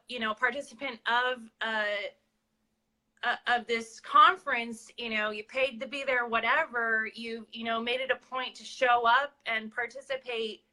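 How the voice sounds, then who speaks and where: Bright, indignant woman co-host. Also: on the high side. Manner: indignant, rambling with repeated restarts. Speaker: co-host interviewing. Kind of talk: casual interview commentary.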